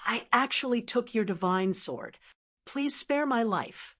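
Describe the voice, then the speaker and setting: A woman voicing a young male cultivator who stammers and pleads in a raised pitch. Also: lively intonation, measured pace, fairly bright tone. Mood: pleading.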